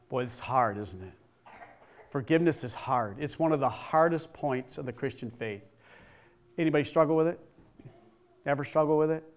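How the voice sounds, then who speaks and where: A man preaching with a slightly raised pitch. He talks to the congregation like a conversation, firing questions at them. His volume swings from loud emphasis down to hushed. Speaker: pastor. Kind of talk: sermon.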